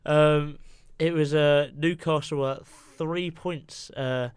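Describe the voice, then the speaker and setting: A man co-hosting a podcast, telling a football story in a halting, hesitant way. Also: on the high side, steady tone, smooth, no room sound. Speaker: podcast co-host. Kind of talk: casual football chat.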